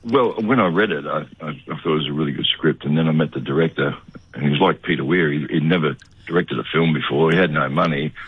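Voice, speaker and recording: An older Australian man, an actor, telling stories in a relaxed way during a radio interview. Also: very deep voice, fast, slightly rough, dry recording, narrow, tinny audio. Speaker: actor guest.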